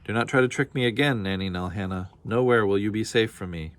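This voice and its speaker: A man's voice: mid-range voice, animated, normal speed. A man reading a storybook aloud, voicing an angry female mother dragon who growls her demands. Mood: furious.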